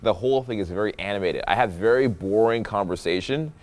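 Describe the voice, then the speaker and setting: Animated young man coaching on dating. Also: brisk, very noisy. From Canada. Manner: animated, playful voice, drops low for effect. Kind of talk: voice-over breakdown of pickup clips.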